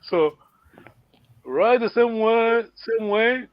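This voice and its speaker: With an extremely high pitch, an animated delivery, and drawn-out words, a man teaches an online language lesson in a muffled recording. He is patient and repetitive, repeating words and asking "yeah?" to check understanding.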